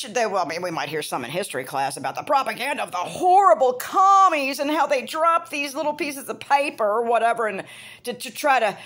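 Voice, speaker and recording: A woman's voice: fairly high pitch, fairly bright tone. A middle-aged woman holding forth in a loose, rambling monologue. She is blunt and swears freely, jumping from one thought to the next in a casual, unscripted way. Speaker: hairdresser and vlogger.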